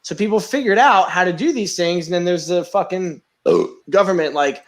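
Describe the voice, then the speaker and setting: A man's voice: high voice, normal speed, few pauses. Swearing, rambling young man on a podcast. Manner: rambling, sarcastic, swears a lot. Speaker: podcast host. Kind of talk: casual profane podcast chat.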